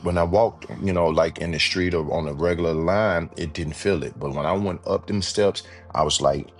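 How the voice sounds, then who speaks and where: A man's voice: low voice, moderate pace, faint music behind. A man guest on an interview show, telling his story casually and animatedly, often acting out other people's lines. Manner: casual, repeats "you know what I mean". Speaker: podcast guest.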